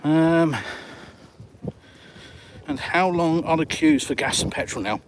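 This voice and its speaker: A man's voice: fairly high pitch, slow pace, a little hiss or hum. A man from England with a southern English accent, chatting bluntly and with dry humor while live streaming outdoors and answering viewers. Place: outdoors by the coast.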